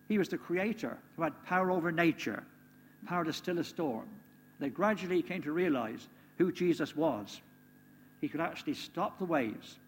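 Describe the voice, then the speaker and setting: A man giving a conversational sermon to a congregation, often turning to them with questions like "didn't they?". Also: fairly high pitch. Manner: conversational, asks the listeners tag questions. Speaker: preacher. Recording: reverberant hall, faint hum.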